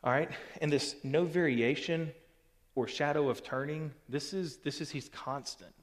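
A pastor gives a casual Bible teaching recorded to camera, often checking in with "okay" and "all right." His voice is fairly high and unhurried, and the recording carries a long hall reverb.

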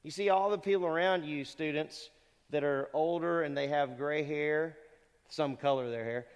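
A man's voice: fairly high pitch, a bit bright, smooth. A middle-aged man preaching a sermon to graduating students, earnest and conversational, often asking rhetorical questions. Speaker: pastor. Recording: long reverb of a hall.

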